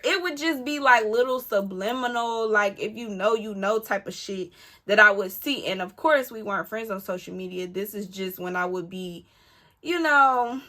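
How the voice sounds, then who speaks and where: A woman vlogger telling a personal story to camera in an animated, emphatic, candid way, often talking straight to her listeners. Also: medium pitch, moderate pace. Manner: candid and profane, talks back to her rival.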